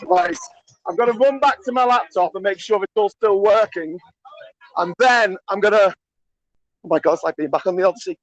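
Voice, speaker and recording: A man live streaming at a crowded party, cheering, shouting greetings and chatting excitedly, getting hoarse. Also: high voice, normal speed, dry recording, highs cut off. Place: crowded indoor party venue.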